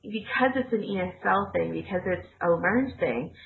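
A woman's voice: mid-range voice, lively intonation, moderate pace, creaky. A woman co-hosting a casual chat, explaining points in a teacherly, rambling way with fillers. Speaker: podcast co-host, former ESL teacher. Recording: tinny phone-like line.

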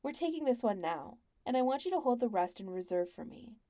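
A woman's voice: a little high, big pitch swings, brisk, dark tone. A woman voicing a smug, careless wealthy nobleman who speaks in a languid, offhand drawl. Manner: languid, offhand, sing-song toward his wife.

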